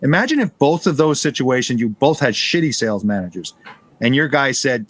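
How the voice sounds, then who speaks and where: A man's voice: medium pitch, big pitch swings, fairly quick, no echo. Dry-sounding man hosting a podcast. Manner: affirming, frequent agreement, filler-heavy. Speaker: podcast host. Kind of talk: casual interview chat.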